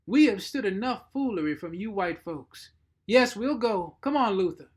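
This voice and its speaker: A man voicing a big, belligerent woman servant in a storybook reading, booming and defiant. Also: lively intonation, normal speed, slightly rough.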